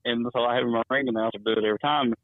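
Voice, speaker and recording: A wrestling promoter, telling stories in a rambling, chuckling way while calling in to an interview. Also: male voice, medium pitch, fairly even intonation, very fast, dry recording. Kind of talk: phone-in interview storytelling. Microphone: phone. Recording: tinny dry phone line.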